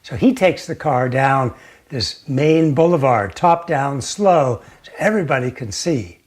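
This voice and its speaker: A man giving a gentle teaching talk, telling a story slowly and sometimes dropping to a near whisper. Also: medium pitch, expressive. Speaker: meditation teacher.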